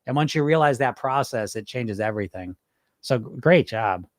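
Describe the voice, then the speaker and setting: A man's voice: medium pitch, lively intonation, normal speed, dry recording, clean studio sound. A man hosting a podcast as a hypnotist, talking casually and bluntly to his live chat, swearing and firing off rhetorical questions. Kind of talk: casual live-stream talk answering chat comments.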